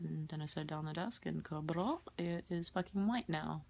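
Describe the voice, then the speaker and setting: A woman's voice: deep voice, brisk, vocal fry, hardly any pauses, darkish tone. A young woman vlogging casually late at night, rambling, giggling and swearing, often dropping into whispers.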